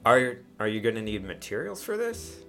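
A man voicing a dry, weary male crewmate in a tabletop game, speaking low and deadpan. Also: normal speed, vocal fry, soft background music.

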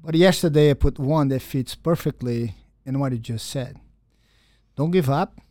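A man's voice: medium pitch, moderate pace, warm tone, dry recording, clean studio sound. A man hosting a podcast, asking questions earnestly and often repeating words as he searches for them. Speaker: podcast host. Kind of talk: interview questions.

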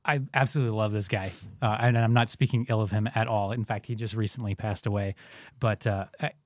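A man's voice: on the low side, fairly even intonation, fairly quick, a little mellow, dry recording, studio quality. A man hosting a podcast, friendly and joking, who wraps up the episode and thanks his guests. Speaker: podcast host. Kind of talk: casual chat.

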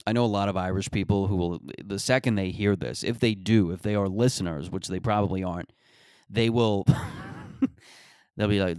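A man's voice: on the low side, moderate pace, darkish tone, clear, resonant tone, no room sound. A man hosting a podcast, rambling and riffing profanely through a casual comedic monologue on a close mic.

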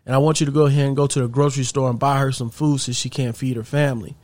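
A scornful, spiteful boss who sneers and barks his orders, as a storyteller puts him on. The voice stays sharp and bossy with a dry, close sound and no room echo. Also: medium pitch, flat delivery, very fast, close to an everyday voice. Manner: sneering and commanding.

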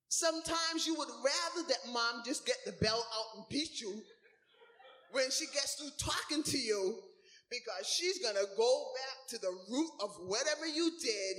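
A woman's voice: a little high, a bit bright. A middle-aged woman preaching a sermon, acting out whiny prayers as she goes.

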